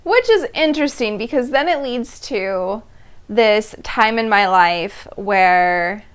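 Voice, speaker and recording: Speaking slowly in a clean, mid-range voice, a host in her thirties delivers an animated monologue about her own life. She laughs between phrases and plays out her past reactions.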